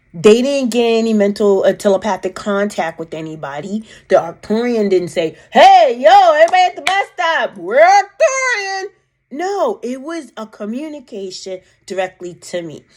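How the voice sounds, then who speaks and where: A woman telling a personal story in a casual, animated way, emphatic and rambling with restarts. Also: medium pitch, low-quality recording. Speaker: vlogger recounting a personal experience.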